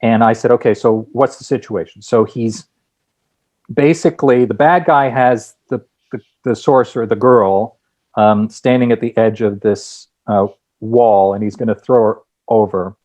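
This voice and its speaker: A man who is a guest screenwriter and director, telling lively anecdotes with many restarts in a casual interview. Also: on the low side, measured pace.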